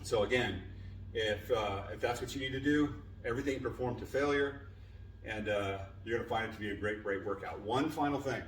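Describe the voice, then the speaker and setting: A man's voice: lowish voice, brisk, recorded from a distance, slight background noise. Winded male fitness coach, echoey room. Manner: plain-spoken coaching, frequent fillers. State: winded after a workout. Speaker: fitness trainer. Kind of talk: casual workout instruction.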